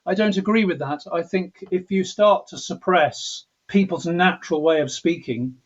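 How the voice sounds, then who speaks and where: A slightly high-pitched English man with a husky edge to his voice talks through his thoughts in a relaxed interview, stopping and restarting his phrases as he works out what he means. The sound is dull and lo-fi, like a remote call. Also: moderate pace. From England. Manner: reflective, frequent restarts and repeated words. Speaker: composer guest.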